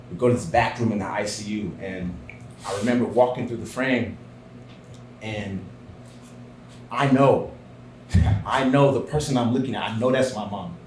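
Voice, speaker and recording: A man telling a personal story on stage at a live show, earnest and dropping to a hushed voice in tender moments. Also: on the low side, a little hiss or hum. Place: small theater stage. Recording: roomy live theater sound.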